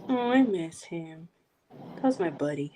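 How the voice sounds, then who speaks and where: A woman's voice: fairly low pitch, lively intonation, a little slow, warm tone, slight background noise. A woman co-hosting a casual chat in a playful, teasing way. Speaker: podcast co-host.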